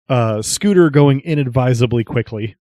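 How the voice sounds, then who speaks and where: A man narrating as game master of a tabletop game, often chuckling and pausing on fillers. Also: medium pitch, no room sound. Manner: relaxed, chuckling, searching with many fillers.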